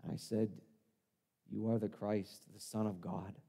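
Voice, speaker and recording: A man's voice: lowish voice, steady tone, a little slow, creaky, dark tone, husky, exaggerated voice. A man performing a first-person monologue as the disciple Peter, an impulsive, earnest fisherman, telling his story in a conversational, self-deprecating way in a church sanctuary. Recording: long reverb of a church hall.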